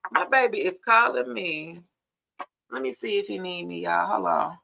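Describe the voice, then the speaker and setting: A woman's voice: lowish voice, unhurried, vocal fry, pauses often, bright, forceful tone. A woman hosting a casual live tarot reading, chatting straight to viewers and calling them y'all, on dull lo-fi stream audio.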